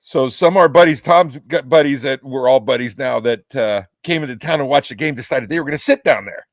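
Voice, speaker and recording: A man's voice: mid-range voice, fairly quick, no echo. A man talking sports as a guest, chatty and telling stories casually. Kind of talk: casual chat.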